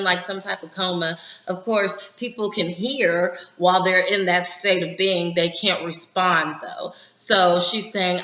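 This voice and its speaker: A woman's voice: on the low side, sharp tone. A woman casually recapping a TV episode, chatty and retelling scenes with quoted dialogue and lots of "like". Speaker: TV episode reviewer. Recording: echoey room, slightly dull lo-fi sound.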